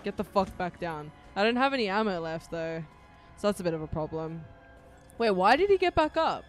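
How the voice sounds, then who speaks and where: A woman's voice: mid-range voice, big pitch swings, brisk, soft background music. A woman streaming a game and reacting to it with blunt, sweary commentary. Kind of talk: live gameplay commentary.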